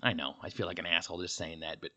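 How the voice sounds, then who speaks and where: A man's voice: low voice, little pitch movement, racing, sharp tone. A man hosting his comedy podcast in a rambling, jokey monologue full of fillers, recorded in a hotel room. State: slightly dehydrated. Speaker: podcast host. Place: hotel room with a heater running.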